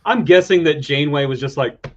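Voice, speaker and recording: A man co-hosting a casual podcast chat, joking and animated. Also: fairly high pitch, a little fast. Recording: slightly dull lo-fi audio.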